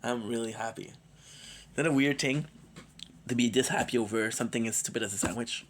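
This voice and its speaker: In a medium-pitched voice at a moderate pace, a gaming streamer chats loosely with his viewers by name, joking, rambling, and throwing in foreign words. He sounds tired, as if a cold is on its way, and there's a slight hiss or hum.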